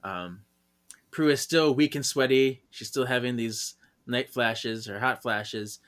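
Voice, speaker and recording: A man co-hosting a podcast, recapping a story in casual chat, giggling often and acting out the characters' lines in quick high voices. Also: a bit bright, smooth. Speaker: podcast co-host.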